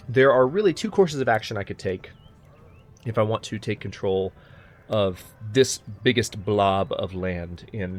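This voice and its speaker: Low-voiced man rambling through gameplay commentary. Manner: chatty and rambling, thinking aloud. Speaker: let's play host. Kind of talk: casual gaming commentary.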